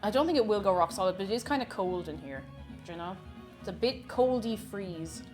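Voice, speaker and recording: A woman's voice: mid-range voice, lively intonation, brisk, darkish tone, soft background music. A young woman with an Irish accent, chatting casually on a live stream while she bakes, reading chat aloud and joking along. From Ireland.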